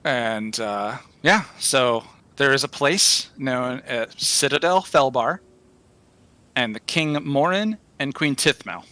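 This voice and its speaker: A man narrating as game master of a tabletop game, with a bright, forceful voice. He talks in a halting way, full of fillers and restarts, at a middle pitch. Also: animated.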